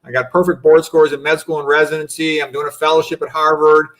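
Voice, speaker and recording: A man's voice: on the high side, little pitch movement, quick pace, a bit bright. A man in his fifties, a doctor guest on a video-call talk show, speaking in a reflective, rambling way with many asides. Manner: reflective, rambling, frequent "you know" and "okay". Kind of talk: casual interview answers.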